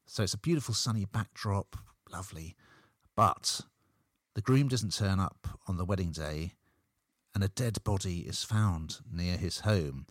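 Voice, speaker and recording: A man with a very low voice chats through a TV review in an upbeat way. His voice is recorded close and dry, with no room sound. He laughs easily between points. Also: a little slow, no echo. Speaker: TV review presenter. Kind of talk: casual TV review chat.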